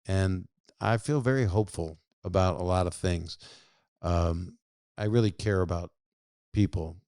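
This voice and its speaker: Rambling older man, smooth low voice. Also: unhurried, dark tone, no room sound, clean studio sound. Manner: rambling, self-interrupting, jokey. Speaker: podcast host calling listeners. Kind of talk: casual phone chat and rambling monologue.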